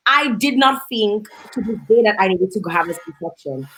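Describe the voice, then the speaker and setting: Animated young woman radio host. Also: mid-range voice, normal speed, breathy edge, poor audio. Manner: animated storytelling with quoted dialogue. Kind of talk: casual radio chat.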